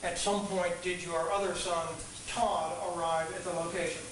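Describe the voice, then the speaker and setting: A man examining a witness in a courtroom, asking measured, polite, leading questions. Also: high voice, flat delivery, fairly bright tone, a little hiss or hum, low-quality recording. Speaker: trial attorney questioning a witness.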